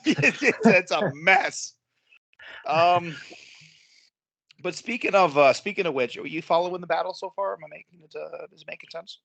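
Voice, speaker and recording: A man's voice: a little high, normal speed, vocal fry, pauses often, fairly bright tone. A man co-hosting a casual history podcast, enthusiastic, laughing often and swearing now and then. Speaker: podcast co-host.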